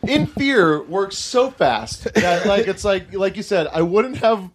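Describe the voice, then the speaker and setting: A male podcast host chats casually in a fairly high voice. He eagerly jumps in with extra details and laughs along. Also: animated, slow pace, slightly rough.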